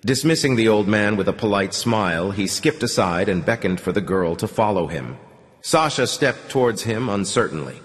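A man narrating a novel in an audiobook with an expressive reading. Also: fairly low pitch, moderate pace, big-room sound. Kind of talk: scripted narration.

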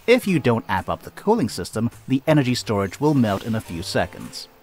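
An actor playing a young, practical junkyard scavenger in a video game, explaining things in a hesitant, matter-of-fact way. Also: male voice, mid-range voice, sing-song, fairly quick, a little mellow, faint music behind.

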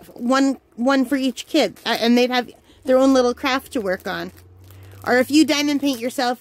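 A woman hosting a crafting channel, chatting casually and enthusiastically at home while unboxing, with the hiccups. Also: on the high side. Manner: chatty, enthusiastic, easily delighted. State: has the hiccups.

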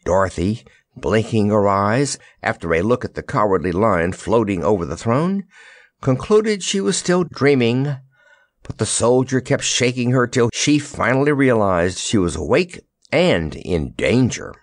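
A man narrating a children's storybook with an expressive, animated delivery. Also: lowish voice, unhurried, no room sound, studio quality. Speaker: audiobook narrator. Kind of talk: storybook reading.

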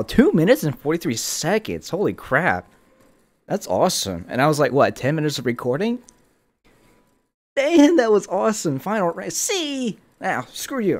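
A man casually commentating as he plays a video game, excitable, chanting sing-song sounds and yelping at sudden moments. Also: on the high side. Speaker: gaming channel host. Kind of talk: casual let's play commentary.

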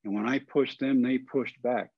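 A man in his forties from Texas tells a story in a folksy way, acting out the people in it as he goes. His voice sits at a middle pitch. The recording is dry and a bit dull on top. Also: fairly even intonation, normal speed, vocal fry, slightly rough, no echo. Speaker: guest. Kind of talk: storytelling in a podcast interview.

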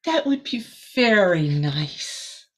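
A woman reading aloud and voicing a small, lonely female forest creature who talks in a soft, eager, wistful way. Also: fairly low pitch, very animated, slow pace, slightly rough, full character voice. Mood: hopeful.

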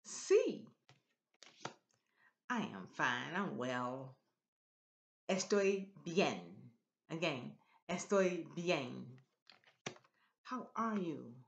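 A woman teaching a Spanish class, slowly drilling words in a sing-song way for students to repeat. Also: deep voice, a bit bright, slight background noise. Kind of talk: classroom language lesson.

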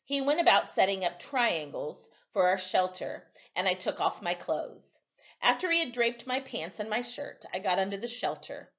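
A woman teacher reading a chapter book aloud, slow and expressive. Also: medium pitch, dull audio. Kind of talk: storybook read-aloud.

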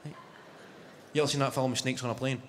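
A man's voice: medium pitch, fairly even intonation, fast talker, very noisy. A young man in his twenties with a Glaswegian accent, doing stand-up as he tells a story and checks in with the crowd, on an arena stage. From Scotland. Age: 20s. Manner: conversational storytelling, checking in with the audience. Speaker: stand-up comedian. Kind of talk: stand-up comedy. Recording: echoey arena with loud crowd. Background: loud crowd laughter.

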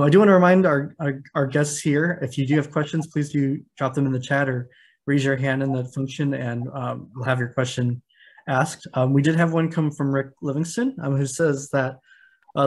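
A man moderating an online panel, speaking in a thoughtful, academic way with frequent fillers. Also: medium pitch. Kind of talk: panel discussion. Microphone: video call.

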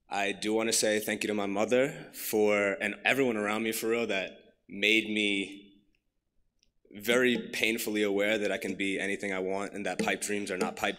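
A man's voice: fairly low pitch, a bit bright. A graduating student, a man, gives a blunt, casual, slangy thank-you speech.

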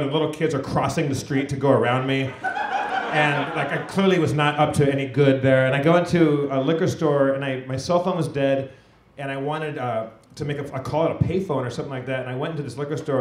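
A man telling a loose, animated story to an audience at a live podcast taping. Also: medium pitch. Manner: animated, loose rambling anecdote. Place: theater stage before an audience. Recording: echoey live venue, faint noise.

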